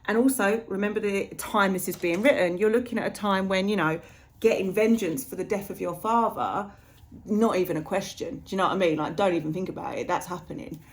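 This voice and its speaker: A woman's voice: mid-range voice, a little fast. Chatty woman teaching literature. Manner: chatty, paraphrases characters in modern slang. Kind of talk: casual lesson retelling a play.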